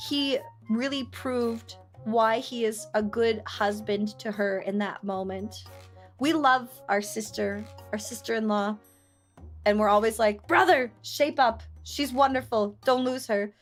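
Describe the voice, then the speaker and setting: A young woman streamer chatting casually, telling family stories with playful, loud acted-out quotes. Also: a little high, takes it slowly, faint music behind. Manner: chatty storytelling, playful, acts out quotes loudly. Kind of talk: casual chat.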